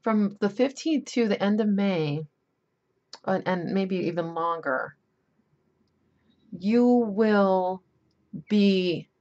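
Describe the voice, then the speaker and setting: A woman's voice: medium pitch, slow pace, long pauses, darkish tone, dull audio. A woman giving a casual tarot reading, chatty and rambling, with emphatic warnings. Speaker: tarot reader.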